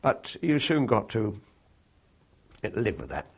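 Old guy remembering the war, kinda husky, stops and restarts a lot, muffled old tape sound. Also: on the low side, very animated. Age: older. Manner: halting, reflective, with many fillers and restarts. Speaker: interviewee. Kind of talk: oral history recollection.

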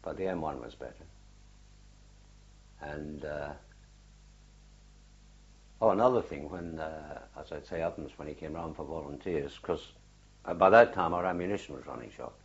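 An older war veteran with a breathy bass voice recalls his experiences in an oral history interview, and the highs are cut off. He tells it haltingly, with many fillers and restarts.

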